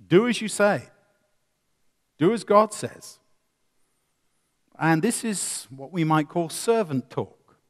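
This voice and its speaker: Male preacher, fairly high voice, dramatic delivery, long hall reverb. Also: expressive, takes it slowly, pauses often. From England. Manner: dramatic, swings between loud emphasis and quiet asides, rhetorical questions. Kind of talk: sermon.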